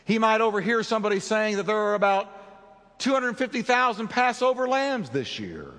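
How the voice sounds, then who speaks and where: A man preaching a sermon as pastor, with dramatic delivery that slows down for emphasis. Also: very animated, a bit bright, big-room sound. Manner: dramatic preaching with big swings in pitch and slowed emphasis.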